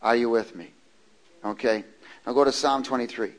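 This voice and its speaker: A man preaches a sermon and reads scripture aloud, emphatically calling for congregation responses, drawing out scripture words slowly and hitting sudden loud stresses. His mid-range voice has fairly even intonation, and the recording is rough.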